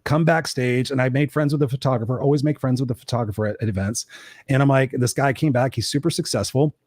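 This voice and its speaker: A man, an executive coach, talking candidly as an interview guest, a blunt and animated storyteller who swears freely. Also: mid-range voice, fast talker, no room sound, clean studio sound.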